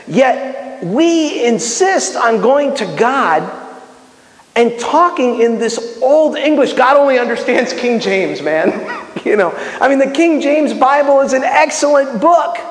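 High-voiced guy preaching, acts out prayers, stumbles and restarts, echoey hall with long reverb. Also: animated, takes it slowly. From Miami, United States. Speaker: bible teacher. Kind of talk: sermon-style teaching. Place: community center hall.

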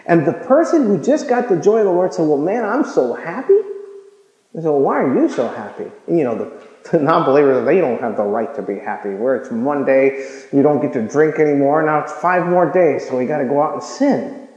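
A man preaching a sermon, lively and joking, acting out everyday conversations with put-on voices. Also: brisk. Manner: animated, acts out dialogue with funny voices. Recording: echoey hall, dull low-fi sound.

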